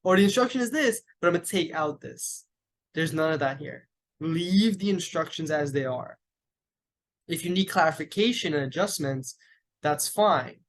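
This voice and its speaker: Meditation teacher, male, slightly raised pitch, measured guided-meditation delivery. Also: lively intonation, slight background noise. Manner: slow, deliberate, with long pauses.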